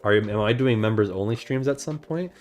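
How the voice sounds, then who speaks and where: Animated young man streaming casually. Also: on the low side, a little fast, faint music behind. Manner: animated, laughs often, swears casually. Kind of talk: casual livestream chat.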